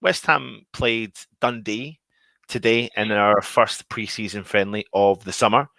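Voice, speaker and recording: Male co-host, animated storyteller, dry close sound. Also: fairly low pitch, a little slow, creaky, no echo. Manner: animated, storytelling, talks over others. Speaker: podcast co-host. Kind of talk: casual football chat.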